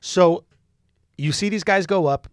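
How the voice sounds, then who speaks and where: A man hosting a casual podcast chat, firing quick, hyped questions at his guest. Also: high voice, clear, resonant tone, dry recording, studio quality. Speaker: podcast host.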